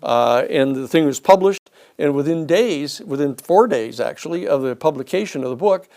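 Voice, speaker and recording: Man, lecture storyteller, higher-pitched, gravelly, animated. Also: normal speed. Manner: animated storyteller acting out quotes. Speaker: speaker.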